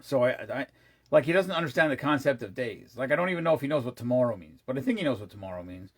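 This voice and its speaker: A man's voice: medium pitch, animated, fast, breathy edge. A tired man chatting casually to his viewers, rambling with many restarts and asides and the odd swear word. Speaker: vlogger. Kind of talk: casual chat.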